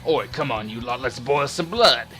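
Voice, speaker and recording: A man voicing a loud, sneering male dog gang leader with a rough put-on accent, in a game played aloud. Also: medium pitch, expressive, normal speed, soft background music.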